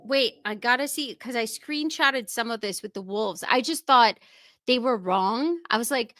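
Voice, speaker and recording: A woman co-hosting a true-crime stream, talking excitedly in casual chat and swearing in quick bursts. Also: a little high, no room sound. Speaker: stream co-host.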